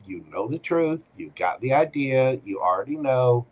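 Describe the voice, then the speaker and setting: A man's voice: medium pitch, lively intonation, moderate pace, muffled recording. A man hosting a live tarot Q&A, giving readings in a playful, teasing way with short punchy commands.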